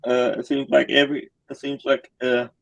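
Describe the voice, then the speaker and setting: A man calling into a live chat room, emotional, halting and apologetic with many uhs. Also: mid-range voice, little pitch movement, creaky, no room sound. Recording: dull dry lo-fi call audio.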